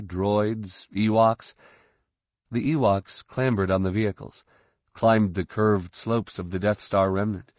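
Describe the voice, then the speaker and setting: Man, audiobook narration, steady, measured, low voice, dry. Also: dry recording. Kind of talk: scripted narration.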